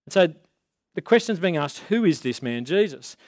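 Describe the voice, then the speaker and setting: Casual preacher with a higher male voice. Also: very animated, a little mellow, no room sound, clean studio sound. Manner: casual, slows down to stress key words. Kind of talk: conversational sermon.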